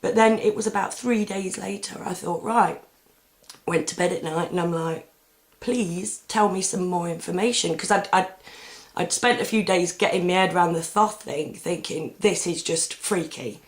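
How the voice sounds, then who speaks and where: A woman holds a loose, chatty monologue to camera. Her voice sits a little low, and she drifts from point to point with frequent ums and half-finished words. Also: moderate pace. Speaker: vlogger. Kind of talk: casual rambling monologue.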